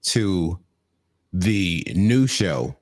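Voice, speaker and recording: A man's voice: sits low, sing-song, extremely slow. A man co-hosting a comedy podcast, joking and teasing in slangy casual chat.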